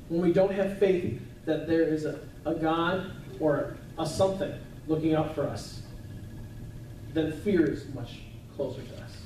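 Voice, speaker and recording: Male pastor, chatty sermon delivery, warm low-bright tone, roomy distant church sound. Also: slight background noise. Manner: conversational, chatty preaching with asides. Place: church sanctuary. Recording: echoey church hall, mic at a distance.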